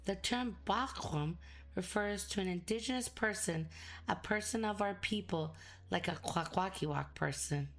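A woman's voice: medium pitch, moderate pace, a bit bright. A woman narrating a documentary and chatting with a guest, laughing along. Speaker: narrator and interviewer.

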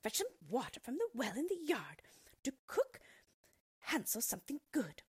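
A woman voicing a cruel, half-blind old witch who talks in a shrill, scolding way, in a storybook reading. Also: huge pitch swings, normal speed, breathy edge, no echo, clean studio sound, exaggerated voice.

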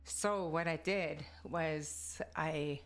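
A woman's voice: deep voice, very slow, faint music behind. A young woman from Alert Bay with a Kwakwala-influenced English accent, telling stories casually and laughing often. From Alert Bay, Canada. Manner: laughing, animated retellings with filler words. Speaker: interviewee, Kwakwala speaker. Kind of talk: casual storytelling interview.

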